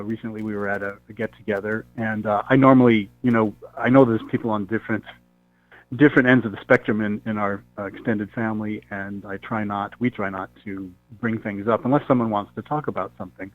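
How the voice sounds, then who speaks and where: Male radio host, lowish voice, dry narrow sound, faint background music. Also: fairly even intonation, dry recording. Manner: conversational, rambling, halting with fillers. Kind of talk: radio talk show. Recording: tinny phone-line sound.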